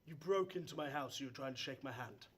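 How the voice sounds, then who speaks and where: A man narrating as game master of a live tabletop game, animated, breaking into shouted character voices. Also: mid-range voice, fast, slightly rough. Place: live stage before an audience.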